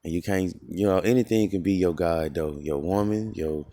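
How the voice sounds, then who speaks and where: A man giving an informal scripture lesson in a loose, conversational way, full of fillers and slowing down to read verses aloud. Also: low voice, warm tone. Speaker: religious teacher.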